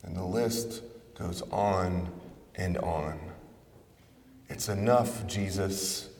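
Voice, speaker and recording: Slow-speaking preacher in an echoing church. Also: male voice, sits low, darkish tone, slight background noise. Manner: slow, measured, conversational prayer with dramatic pauses. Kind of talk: sermon addressed as prayer. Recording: roomy reverberant hall, voice from a distance.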